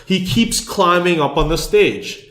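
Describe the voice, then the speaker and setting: A man's voice: high-pitched, animated, measured pace, a bit bright. A man hosting a podcast, telling a story with lots of swearing and filler words. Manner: swears a lot, fills with "like". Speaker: podcast host. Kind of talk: animated storytelling. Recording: echoey room.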